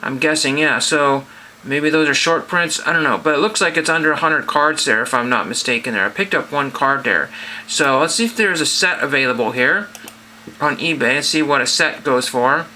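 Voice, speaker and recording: A man's voice: a little high, normal speed, pushed and bright. A man hosting a card collecting channel, rambling casually with many fillers as he browses listings. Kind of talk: casual screen-share vlog.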